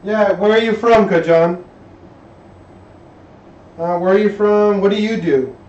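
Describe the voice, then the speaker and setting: A man's voice: high-pitched, a little slow, a little mellow. A man hosting a casual live stream from his garage while working on an engine, reading chat aloud and rambling with trailing thoughts and restarts. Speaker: livestream host working on an engine. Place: home garage workshop. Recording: echoey garage, far from a dull mic.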